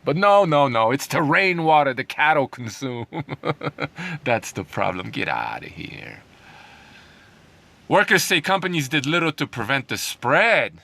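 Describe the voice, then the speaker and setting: A man's voice: on the high side, big pitch swings, measured pace, vocal fry, pushed and bright, dry recording. A man ranting in a sarcastic, heated way, reading out news lines and mocking them with scornful laughs. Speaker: commentary vlogger.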